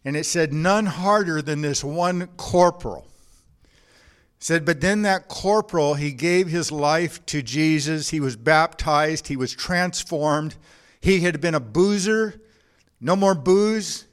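A man's voice: fairly high pitch, slow, clean tone. Man preaching a storytelling sermon. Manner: storytelling with quoted anecdotes, frequent restarts and "you know". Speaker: pastor.

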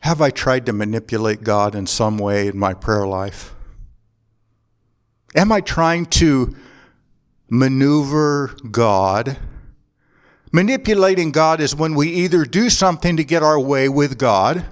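A man preaching a sermon as a pastor, earnest and deliberate, slowing down and pausing to press his points home. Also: medium pitch, animated. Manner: earnest preaching with slow emphatic pauses.

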